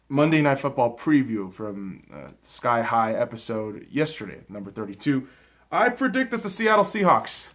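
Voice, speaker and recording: A young man hosting a sports podcast, ranting casually and profanely about a football game, swinging between loud outbursts and low mutters. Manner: profane, heated ranting with big swings in loudness. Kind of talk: casual fan commentary.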